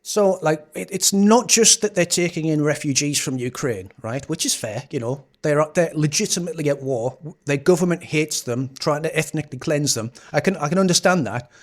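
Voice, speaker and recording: A man's voice: fairly high pitch, moderate pace, hardly any pauses. A man hosting a live stream, reacting to clips in casual, sarcastic commentary with frequent swearing.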